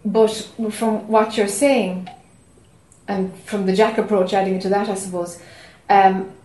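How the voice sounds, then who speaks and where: A woman's voice: mid-range voice, a little slow. Woman teacher in an echoey room. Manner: attentive, steady affirming, reflective. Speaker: spiritual teacher. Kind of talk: teaching dialogue.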